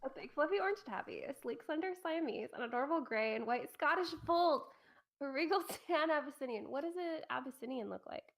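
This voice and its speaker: A woman's voice: sits high, lively intonation, a little fast. A woman co-hosting a podcast, reading a story aloud in a casual way and breaking off to giggle and joke.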